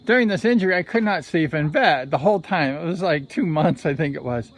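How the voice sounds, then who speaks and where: Male former racer, casual vlog storyteller, slightly high-pitched, rambling and conversational. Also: expressive, fairly quick. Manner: rambling, conversational, self-correcting. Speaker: former motorcycle speedway racer.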